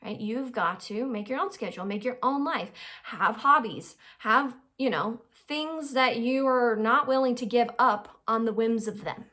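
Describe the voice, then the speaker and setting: Woman with a slightly high voice, teaching life skills in a chatty, conversational way. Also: a little slow, hardly any pauses. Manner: conversational, keeps checking in with "right?" and "all right?"; acts out quoted people in lively little voices. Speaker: advice host. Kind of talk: informal life-skills lesson.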